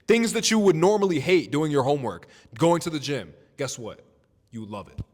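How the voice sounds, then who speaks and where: A nineteen-year-old man co-hosting a podcast, chatting in an emphatic, excitable way. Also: a little high, a little fast, big-room sound. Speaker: podcast co-host. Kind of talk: casual chat.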